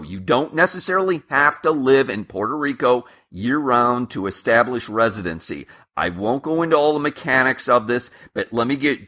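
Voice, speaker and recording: Male finance host, bright tone, conversational and emphatic, talks straight to his audience. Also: medium pitch. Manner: conversational, emphatic, restarts and asides. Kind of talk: casual explainer monologue.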